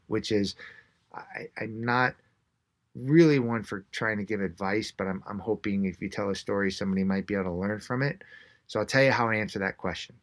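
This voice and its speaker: Author guest, man, lowish voice, animated storyteller who acts out quotes. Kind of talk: storytelling interview.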